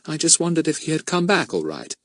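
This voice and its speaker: A man's voice: fairly high pitch, very animated, fairly quick, no echo, studio quality, pitched above the performer's own voice. Man voicing a prim, fussy mother. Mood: polite. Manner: prim and fretful. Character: proper, fussy middle-aged mother.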